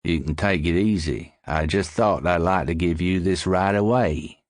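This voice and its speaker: A man voicing an easygoing, satisfied male businessman with a relaxed, drawling delivery. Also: sits low, normal speed, no room sound, studio quality, natural voice.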